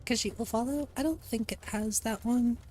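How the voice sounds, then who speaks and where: A woman casually commenting on her gameplay as a streamer, chatty and relaxed, thinking aloud as she plays. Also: on the high side, normal speed, slight background noise. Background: soft lofi music.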